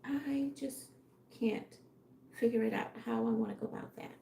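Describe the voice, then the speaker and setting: A woman, a fashion designer, musing aloud in a casual live stream with a tired, fading voice, halting and unsure of her next step. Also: fairly high pitch, dark tone, slight background noise. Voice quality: gravelly. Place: home workroom. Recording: echoey room.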